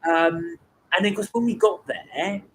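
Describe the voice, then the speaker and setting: A man's voice: high voice, measured pace. A man co-hosting a live stream from his garden, chatting casually and reading out viewer comments. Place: outdoors in a garden. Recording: noisy outdoor sound with birdsong. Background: birdsong.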